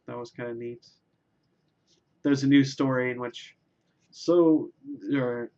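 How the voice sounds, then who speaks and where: A man's voice: mid-range voice, highs cut off. A man delivering a rambling, self-deprecating comic monologue, with lots of filler words and restarts. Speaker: vlogger.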